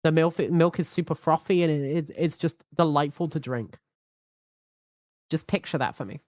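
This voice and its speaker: Brief: cheeky, hyperactive woman streamer, lowish voice, dry close mic at home. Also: moderate pace, darkish tone, no room sound. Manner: hyperactive, cheeky, swears freely. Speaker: VTuber streamer. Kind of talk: casual live-stream chat.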